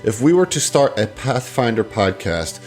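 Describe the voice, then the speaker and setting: A man's voice: mid-range voice, very animated, normal speed, a little mellow, soft background music. A man co-hosting a tabletop podcast, giving easygoing advice and hedging often in casual chat. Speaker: podcast co-host.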